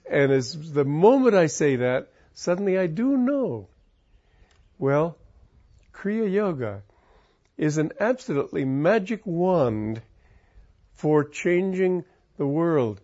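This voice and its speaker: A man giving a reflective spiritual talk, telling a personal story in a calm, musing way with wandering sentences. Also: a little high, slow. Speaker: spiritual teacher. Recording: muffled lo-fi recording.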